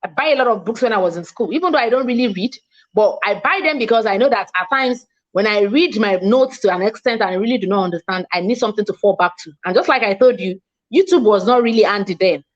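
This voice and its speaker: A woman from Nigeria with a Nigerian English accent, giving a fast, emphatic, self-assured online mentoring talk as a coach. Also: mid-range voice, expressive, highs cut off. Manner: speaks fast, by her own account.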